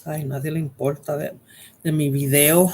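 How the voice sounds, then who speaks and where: A man with a somewhat high voice hosts a live reaction stream. He chats casually, calling out to viewers in the chat as he reacts to a clip. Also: little pitch movement, normal speed, darkish tone, slight background noise. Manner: chatty, talks to viewers in chat by name. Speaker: livestream host reacting to videos.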